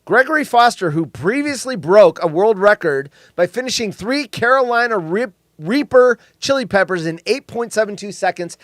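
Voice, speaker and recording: Animated high-voiced male co-host. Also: no echo, studio quality. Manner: animated, jokey, belts out song lines. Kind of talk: casual podcast banter.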